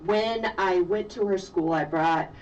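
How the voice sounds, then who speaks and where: A middle-aged woman, a physician and mother, telling a personal story slowly and reflectively in an interview. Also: mid-range voice, darkish tone. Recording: distant, dull lo-fi sound with faint noise.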